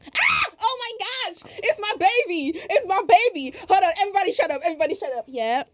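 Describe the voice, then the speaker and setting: A woman's voice: extremely high pitch, animated, unhurried, no room sound, voice pushed up. A woman voicing an overexcited young girlfriend who squeals and gushes on the phone. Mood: gushing. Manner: squealing, gushing, breathless.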